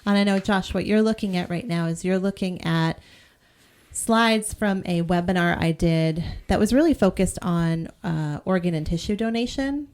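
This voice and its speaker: Speaking in a lowish, slightly mellow voice at a moderate pace, this podcast co-host is a middle-aged woman from New England in the United States. Her casual chat is talkative and self-deprecating, with frequent trail-offs and restarts.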